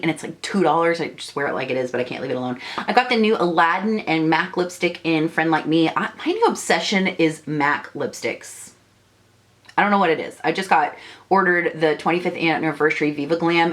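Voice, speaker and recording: Young woman doing her makeup on camera, kinda low voice, rants and rambles. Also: brisk. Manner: ranty and indignant, rambling with restarts. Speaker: beauty vlogger. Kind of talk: casual chat while doing makeup.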